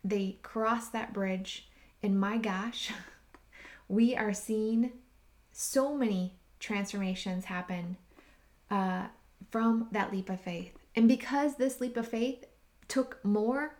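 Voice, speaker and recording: Woman podcast host telling her own story, real slow and heartfelt, goes almost whispery sometimes. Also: fairly high pitch, steady tone, a little mellow. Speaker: podcast host and retreat leader. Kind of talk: reflective personal storytelling.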